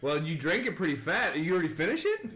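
A man's voice: fairly high pitch, very animated, quick pace, fairly bright tone, roomy sound, voice pushed down. A man voicing a laid-back male party bro who talks in an easygoing, slangy, soothing way. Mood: calming.

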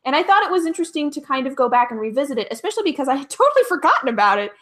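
A woman's voice: high voice, big pitch swings, rapid-fire. A woman co-hosting a podcast, talking through her views in a thoughtful, self-deprecating way with frequent restarts. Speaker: podcast co-host. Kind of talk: casual reflective chat.

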